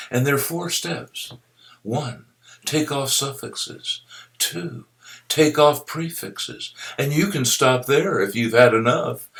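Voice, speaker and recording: An older man explaining a vocabulary activity to students and teachers in a slow, deliberate teaching manner, spelling out letters as he goes. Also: fairly low pitch, a bit bright. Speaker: literacy educator. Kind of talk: instructional video narration.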